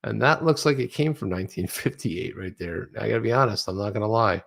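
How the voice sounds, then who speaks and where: A man's voice: lowish voice, fast, vocal fry, fairly bright tone. A man co-hosting a live crypto talk show, chatting casually and joking around. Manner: joking, slips into old gangster voice. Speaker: co-host. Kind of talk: casual chat.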